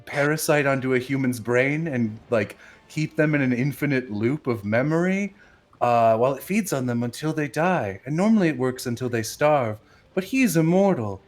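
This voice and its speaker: A man's voice: mid-range voice, animated, normal speed, faint music behind, pitched above the performer's own voice, natural voice. Man voicing a breezy, merciless anime fighter. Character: calm, merciless young male anime fighter.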